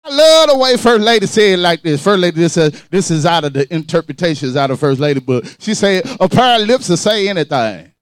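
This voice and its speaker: A male pastor preaching a sermon, calling out to the congregation and swinging between shouted lines and quiet asides. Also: high voice, animated, brisk, hardly any pauses, no room sound, clean studio sound.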